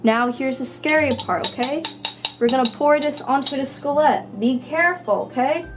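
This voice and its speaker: A woman's voice: high voice, normal speed, noisy background. A young woman giving a casual cooking tutorial in her home kitchen, chatty, crude and swearing freely, easily grossed out. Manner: easily disgusted, grumbling. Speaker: cooking vlogger.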